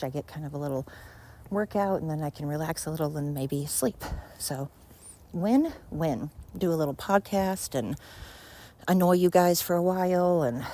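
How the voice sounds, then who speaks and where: Her voice sits low with a dark tone as this podcast host rambles through a solo episode on a nighttime roadside walk. She's out of breath, scattered, chatty and self-deprecating.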